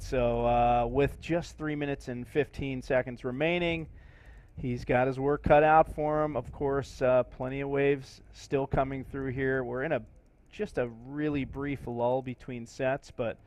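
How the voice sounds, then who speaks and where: A middle-aged man giving relaxed, chatty play-by-play commentary on a live sports stream. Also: medium pitch.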